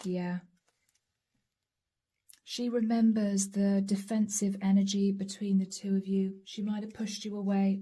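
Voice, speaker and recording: A woman giving a channeled tarot reading in a warm, mellow voice that sits at an ordinary pitch for a woman. She talks straight to the listener in an intimate, repetitive way, and now and then her voice sinks into a hushed whisper. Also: flat delivery, a little slow, long pauses. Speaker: tarot reader.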